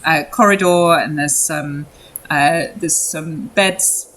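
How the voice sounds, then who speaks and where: A woman's voice: sits low, steady tone, slow pace, a bit bright. A woman game master narrating a tabletop game in a chatty way with many fillers. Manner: chatty, lots of fillers and restarts.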